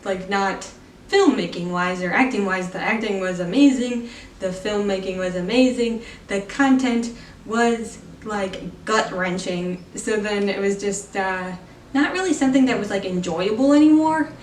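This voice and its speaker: A woman's voice: mid-range voice, unhurried, reverberant, far from the mic, slight background noise. A woman giving a casual spoken film review, chatty and full of fillers, laughing now and then. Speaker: movie reviewer.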